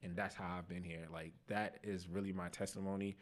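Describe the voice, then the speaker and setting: A young man on a podcast, telling his life testimony in casual slang, animated and laughing at himself. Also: sits low, brisk. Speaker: podcast guest.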